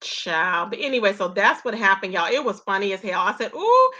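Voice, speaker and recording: A woman's voice: mid-range voice, a little fast, bright, forceful tone, highs cut off. A woman hosting her own channel, chatting casually and laughing often as she recaps online gossip. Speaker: commentary channel host.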